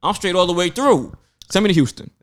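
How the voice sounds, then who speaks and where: Animated young man telling a story. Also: sits high, fast. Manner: animated, profane, acts out quoted voices. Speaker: podcast co-host. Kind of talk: casual storytelling chat.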